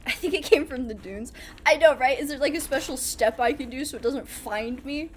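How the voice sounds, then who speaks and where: A woman's voice: sits high, brisk, slight background noise. A young woman streaming a survival game, chatting to her viewers, joking and laughing, with sudden alarmed outbursts. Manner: chatty, talks to chat and the game, laughs often, bursts of alarm. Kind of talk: live gameplay commentary.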